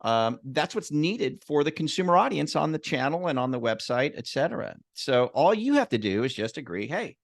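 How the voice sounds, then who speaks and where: A man who works as a loan officer, telling a story in a casual, animated way and acting out what people said. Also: fairly high pitch, normal speed, vocal fry, hardly any pauses, no echo, studio quality. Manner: animated storyteller, acts out quotes.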